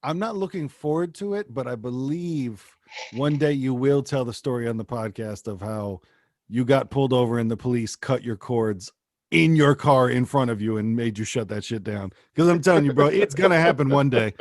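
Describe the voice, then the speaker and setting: A man's voice: medium pitch, moderate pace, no room sound, studio quality. A man co-hosting a casual podcast, telling a story and reacting with disbelief. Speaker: podcast co-host.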